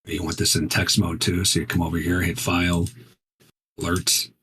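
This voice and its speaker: A man's voice: sits low, completely flat delivery, moderate pace, fairly bright tone, slight background noise. A man teaching futures trading while he trades live, talking casually and emphatically, often checking in with "right?". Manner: conversational, emphatic, repeats "right?".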